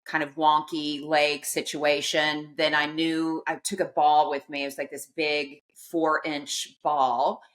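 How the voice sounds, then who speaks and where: A middle-aged woman, a podcast guest, tells a personal story in an animated way, acting out quotes and laughing at herself. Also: sits low, slow pace, hardly any pauses.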